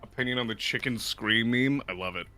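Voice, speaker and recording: A man's voice: medium pitch, brisk, pushed and bright. A young man chatting casually over a voice call with a friend, laid-back and joking. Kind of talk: casual chat. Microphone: voice call microphone. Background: faint background music.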